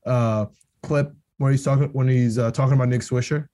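A young man co-hosting a casual sports podcast, rambling and excitable and laughing often. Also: medium pitch, brisk. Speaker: podcast co-host.

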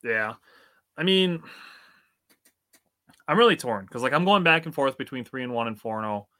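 A young man from Wisconsin co-hosts a sports podcast in easygoing chat. His voice is bright and forward, and he fills his talk with "dude" and "like." He sits in the middle of the usual male pitch. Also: lively intonation, moderate pace. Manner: laid-back and chatty, with frequent "dude" and "like". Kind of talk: casual chat.

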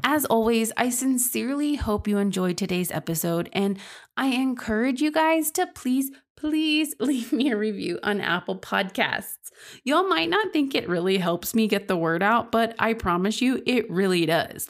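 A woman's voice: mid-range voice, expressive, measured pace. A young woman hosts a true crime podcast. Her voice sits in a middle register, and she narrates in an earnest, scripted way. She addresses her listeners casually and directly. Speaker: podcast host.

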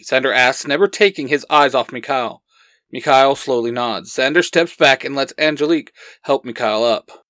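A man's voice: medium pitch, normal speed, a bit bright, no echo. A man reading his own fan story aloud, acting out the dialogue earnestly as storyteller.

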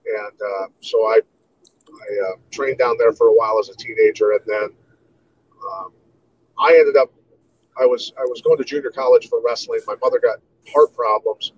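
A man in his fifties from Iowa, telling stories as an interview guest in a relaxed way, with many "you know"s. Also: lowish voice, moderate pace, slightly rough, dull audio. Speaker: guest, martial artist. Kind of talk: casual interview storytelling.

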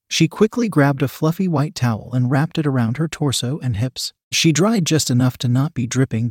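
A man giving a scripted story narration in an even, steady reading voice. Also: medium pitch, breathy edge, no echo, studio quality.

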